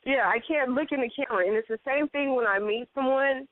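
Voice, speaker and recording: A woman co-hosting a casual talk show, lively, laughing and cutting in often. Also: high-pitched, brisk, no echo. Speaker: co-host. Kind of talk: casual chat. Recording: dry, phone-like line.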